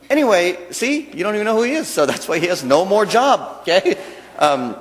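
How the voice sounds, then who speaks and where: Man minister, casual joking dharma talk, lively pitch, echoing temple hall. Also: a little fast. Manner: chatty and joking. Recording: long reverb of a temple hall.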